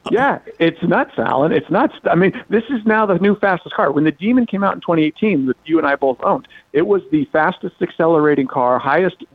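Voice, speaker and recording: A man's voice: fairly high pitch, expressive, brisk, hardly any pauses, no room sound, narrow, tinny audio. A man, an automotive industry analyst, enthusiastically explaining car facts as a radio guest. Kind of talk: casual radio interview.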